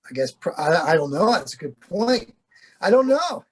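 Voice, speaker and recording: A man's voice: high voice, sing-song, normal speed, husky. Middle-aged guy actor chatting in an interview, rambly, keeps restarting, easygoing. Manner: rambling, self-correcting, good-humored. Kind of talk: casual interview chat.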